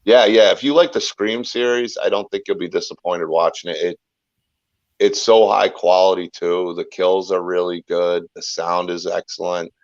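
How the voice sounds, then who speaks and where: A low-voiced man with a gravelly, creaky edge rambles through a casual chat as a guest. He talks on and on and trips over his own restarts. The sound is dry and dull, like a lo-fi call. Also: fairly even intonation, moderate pace, no room sound. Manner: rambling, talkative, full of restarts. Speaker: guest, filmmaker and YouTuber.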